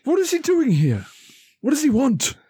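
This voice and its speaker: A man voicing an excitable male hero who plays detective, with theatrical, high-pitched exclamations. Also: moderate pace, dry recording, exaggerated voice. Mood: anxious.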